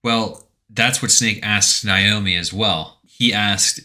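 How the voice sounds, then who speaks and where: A man's voice: lowish voice, steady tone, takes it slowly, bright, forceful tone. A man co-hosting a podcast, casually retelling a game's story and acting out quoted lines with animation. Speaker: podcast co-host. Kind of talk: casual chat retelling a game plot.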